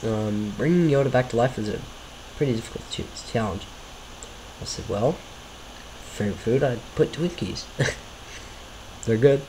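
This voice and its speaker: A man's voice: mid-range voice, normal speed, long pauses, darkish tone, slight background noise, rough recording. A man giving casual, rambling commentary over his own homemade video series, often apologetic and self-deprecating.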